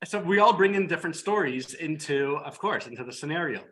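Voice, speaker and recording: A man's voice: fairly high pitch, a little fast, poor audio. A tired man speaking as a hypnotherapist guest in a casual group discussion, telling stories animatedly on a video call. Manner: animated storyteller, acts out quotes.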